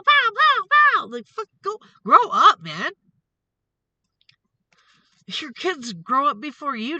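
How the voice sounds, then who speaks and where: A woman's voice: fairly high pitch, bright, forceful tone, rough recording. A woman hosting a tarot reading vlog, ranting in an angry, profane, confrontational way. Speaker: tarot reader and show host.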